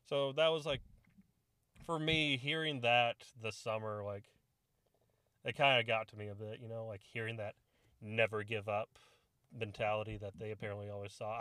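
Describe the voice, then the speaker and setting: A man's voice: medium pitch, bright, forceful tone, clean tone, no room sound, studio quality. A young man co-hosting a casual podcast, telling army stories with plenty of swearing. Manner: profane, storytelling, acts out quoted voices. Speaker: podcast co-host, army veteran. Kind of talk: casual chat.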